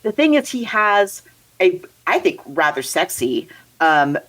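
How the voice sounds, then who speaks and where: A woman's voice: lowish voice, sing-song, measured pace, fairly bright tone, poor audio. A woman co-hosting a casual movie review chat, rambling and laughing as she talks. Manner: chatty, rambling, laughs often. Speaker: podcast co-host.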